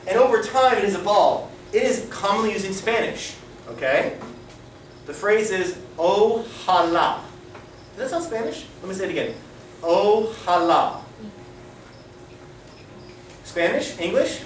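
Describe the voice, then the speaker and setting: A male teacher with a high voice runs a lively lesson, throwing questions at the class and slipping in Spanish phrases. He is picked up from across the room, so the sound is distant and echoey, with a faint hiss underneath. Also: fairly quick. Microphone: camera across the room.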